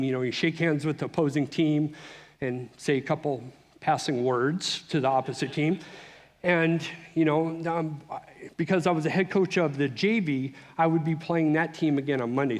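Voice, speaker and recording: A middle-aged man giving a personal testimony speech at a conference, telling his story in an animated way with frequent restarts. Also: a little high. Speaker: conference speaker. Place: conference hall. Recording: long reverb of a large hall.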